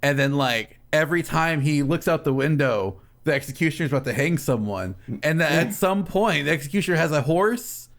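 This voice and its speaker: A man co-hosting a casual podcast through a headset, rambling and swearing, often trailing off quietly. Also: fairly high pitch, expressive, fairly quick, few pauses. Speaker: podcast co-host. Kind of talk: casual chat.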